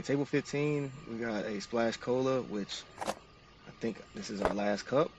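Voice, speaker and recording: A man's voice: medium pitch, unhurried, far from the mic, muffled recording, noisy background. A man narrating each step of a game to his stream chat in an upbeat, casual way.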